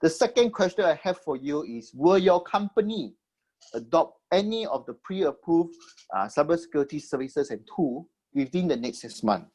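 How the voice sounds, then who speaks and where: Husky-voiced Singaporean man presenting. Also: a little high, animated, normal speed, a little mellow. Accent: Singaporean English. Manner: explains step by step, checks in with "okay?"; frequent "uh" fillers and repeats. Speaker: government agency presenter. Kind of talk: webinar slide presentation.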